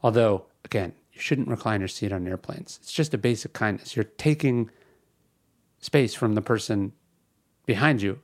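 A man's voice: fairly low pitch, normal speed. A man in his thirties hosting a podcast, talking in a casual, emphatic way that slides into a rant. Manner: conversational, ranting, emphatic with repetition. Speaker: podcast host. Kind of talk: casual spoken commentary.

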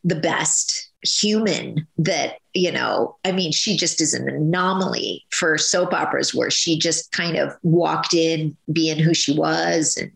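A woman in her fifties, a soap opera actress, chatting in an interview in a rambling, animated way, full of restarts and "you know"s. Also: low-pitched, measured pace, creaky, few pauses, reverberant. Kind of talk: casual interview chat.

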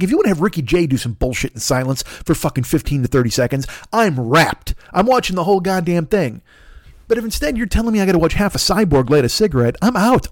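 A middle-aged podcast host with a fairly high voice launches into a profane, rambling comedic rant, animatedly acting out the people he quotes. The studio-quality recording has no room sound.

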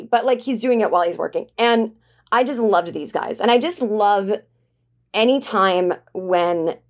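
Woman, comedian host, casual storytelling, chatty, animated, medium pitch, home office. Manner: chatty and animated, acts out quoted voices, many "like"s.

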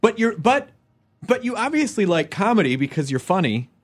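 A man's voice: high-pitched, big pitch swings, moderate pace, slightly rough. A man hosting a casual chat, playful and full of questions. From Kentucky and Tennessee, USA. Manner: playful, joking, asks questions.

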